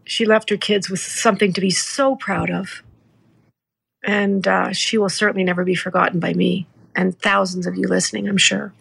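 A middle-aged woman from Canada, hosting a podcast and telling a moving story in an earnest, heartfelt way, slowing down for emphasis. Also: mid-range voice, little pitch movement, gravelly, fairly bright tone, husky. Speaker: podcast host. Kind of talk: emotional storytelling.

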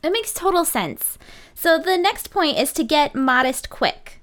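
Brief: woman host, high bright voice, brisk list-style recaps. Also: animated. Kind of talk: hosting a live chat.

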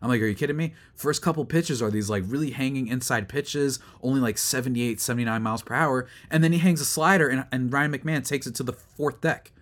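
A man's voice: mid-range voice, fairly quick, hardly any pauses. Man ranting about a baseball game. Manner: exasperated, ranting, rising to loud outbursts; rambling with fillers and restarts. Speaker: sports podcast host. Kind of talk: solo sports recap rant.

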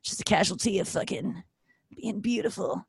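Speaking at a moderate pace in a gravelly, mid-range voice with a breathy edge, a young vlogger rambles through a candid monologue at home. She pokes fun at herself and tosses in jokes, and there's no room sound.

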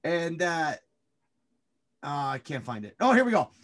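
High-voiced man, rambling co-host. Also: very animated, unhurried, fairly bright tone. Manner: rambling, hesitant, many fillers and restarts. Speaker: podcast co-host. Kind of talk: casual chat.

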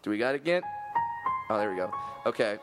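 A man's voice: fairly low pitch, sing-song, brisk, music in the background. A young man co-hosting a comedy chat, rambling and self-deprecating with many restarts.

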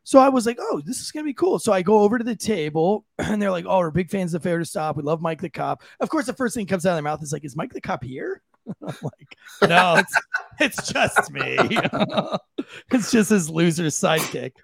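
A man co-hosting a podcast, telling a story in a casual, animated way and jumping into high voices for the people he quotes. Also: moderate pace, creaky, no room sound. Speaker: podcast co-host.

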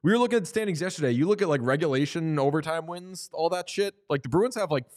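A man's voice: a little high, expressive, a little mellow, no room sound, clean studio sound. A man co-hosting a podcast, wisecracking and upbeat in casual hockey talk. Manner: quick, wisecracking, enthusiastic. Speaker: podcast co-host. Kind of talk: casual sports chat.

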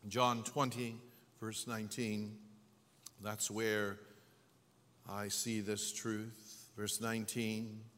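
A man preaching a sermon as pastor, speaking slowly and deliberately with dramatic pauses and swells. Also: mid-range voice, a bit bright, in a large hall.

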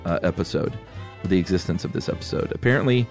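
Male podcast co-host, low-pitched, casual, laughs often, faint music underneath. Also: fast talker. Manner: relaxed, laughs easily. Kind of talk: casual chat, reading listener mail.

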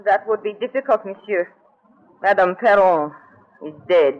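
A woman's voice: medium pitch, unhurried, natural voice. An actress in a 1940s radio drama playing a cautious woman in occupied Paris, with a guarded manner. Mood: somber. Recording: dull lo-fi 1940s radio broadcast.

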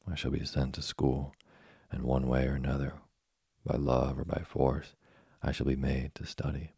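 A man with a husky, gravelly voice reading the lines of a cheeky, rebellious wooden puppet boy in an audiobook. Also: rumbling low, flat delivery, moderate pace, dark tone, dry recording, clean studio sound, heavily acted. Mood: defiant. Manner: impatient and defiant.

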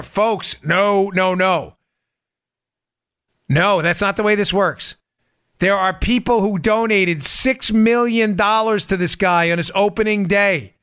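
A man hosting a political podcast, delivering a sarcastic, animated commentary monologue. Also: unhurried, clean tone, no room sound, clean studio sound. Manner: animated, sarcastic, mimics people in high voices. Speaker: podcast host.

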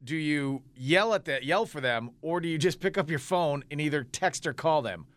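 A man's voice: on the high side, animated, moderate pace, fairly bright tone, no room sound, studio quality. A man hosting a morning radio show, joking and laughing with his co-host.

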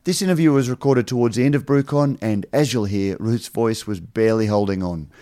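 A man hosting a beer podcast, interviewing a guest at a conference in a relaxed way with filler words. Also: lowish voice, fairly quick. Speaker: podcast host. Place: conference venue.

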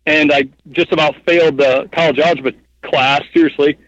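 A man in his thirties telling a long story as a guest in an interview, rambling and animated, with lots of fillers. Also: a little high, fairly quick, no echo, dull audio. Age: 30s. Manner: rambling, animated, heavy with fillers like "like" and "you know what I mean". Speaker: guest, hunting guide and cameraman.

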